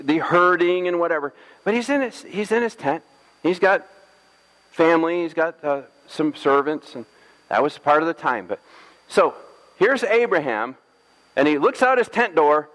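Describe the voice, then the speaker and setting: High-voiced man preaching in a reverberant church. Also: fairly bright tone. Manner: playful storytelling, acting out scripture with jokes. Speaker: pastor. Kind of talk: sermon.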